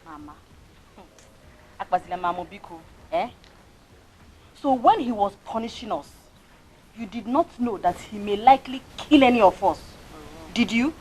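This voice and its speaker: A woman's voice: fairly high pitch, animated, moderate pace, long pauses, a little mellow, soft background music, natural voice, poor audio. An actress playing a resentful Nigerian wife who defies her mother-in-law. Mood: defiant. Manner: defiant. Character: defiant, resentful young wife. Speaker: one of the wives.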